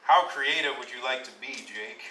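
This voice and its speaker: A man's voice: medium pitch, normal speed. A man narrating as dungeon master in a tabletop game, laughing often. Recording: echoey room, mic far off, faint hiss.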